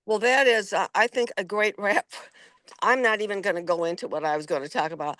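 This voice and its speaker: A woman's voice: mid-range voice, a little fast, a bit bright, no room sound. A middle-aged woman health coach talking casually and eagerly, repeating phrases for emphasis. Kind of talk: casual group chat.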